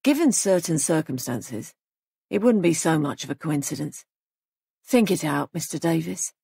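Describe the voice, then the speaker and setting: A woman's voice: low-pitched, animated, moderate pace, vocal fry, mellow, slightly rough, no room sound, exaggerated voice. A woman voicing a stern male police sergeant in an audiobook, speaking in a firm, clipped, probing way. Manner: firm, clipped, pressing questions.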